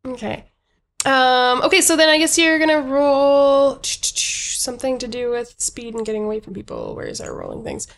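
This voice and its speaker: A young woman runs a comedy tabletop game, narrating with plenty of ums and pauses. Her voice sits a little high. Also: sing-song, vocal fry, fairly bright tone. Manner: hesitant, lots of ums, laughs easily. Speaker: game master.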